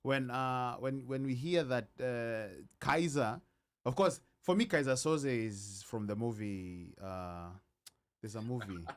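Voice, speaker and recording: A man co-hosting a talk show, asking curious questions with halting, repeated words. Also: mid-range voice. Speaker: co-host. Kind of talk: casual talk-show conversation.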